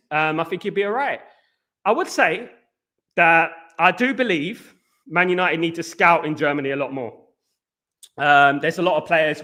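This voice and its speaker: Reading out viewer comments on his football live stream, a breathless man with a bright, high voice keeps the chat casual. "Absolutely" and "big up" come up again and again.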